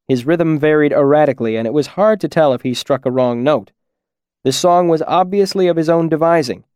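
A man narrating a first-person fantasy audiobook in a measured, reflective way. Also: medium pitch, a little mellow, no room sound, clean studio sound.

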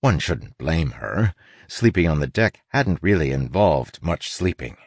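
Deep-voiced man narrating a novel. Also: big pitch swings, measured pace, husky, no echo, studio quality. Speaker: audiobook narrator. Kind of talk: scripted narration.

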